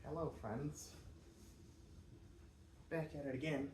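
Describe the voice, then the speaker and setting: Between exercises, a young fitness vlogger from Canada chats and jokes to himself during a nighttime home workout. He speaks at normal speed in a medium-pitched voice with lively intonation and long pauses, recorded on a distant, roomy mic with a faint hum.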